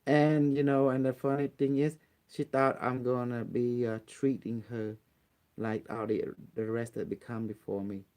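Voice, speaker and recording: A man's voice: mid-range voice, little pitch movement, normal speed, darkish tone. A man with non-native grammar ranting bluntly and profanely as a channel host. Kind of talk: casual rant on a phone call.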